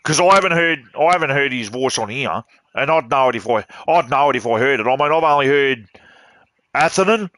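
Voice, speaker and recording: A man's voice: mid-range voice, expressive, brisk, a bit bright, no echo. An Australian man streaming a game, ranting bluntly and swearing as he talks. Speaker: gaming streamer. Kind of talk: casual ranting while playing.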